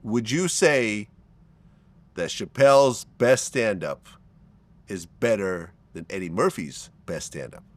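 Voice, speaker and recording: A man's voice: fairly low pitch, expressive, takes it slowly, dry recording. A man hosting an interview in a conversational way, asking probing questions. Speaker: interview host. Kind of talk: casual interview chat.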